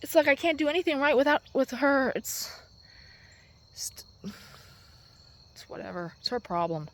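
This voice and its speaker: A woman vlogging from her backyard garden at dusk, filming on a phone as she walks. She rambles and vents, swinging from soft musing to loud, exasperated outbursts. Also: sits high, sing-song, normal speed. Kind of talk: casual venting vlog.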